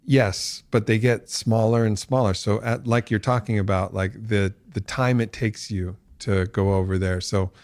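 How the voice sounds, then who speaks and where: A man's voice: lowish voice, fairly even intonation, normal speed, few pauses, a little mellow, no echo. A man on a podcast as guest, telling stories casually and reflectively, often breaking into laughter. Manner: reflective, uses many fillers. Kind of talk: casual storytelling.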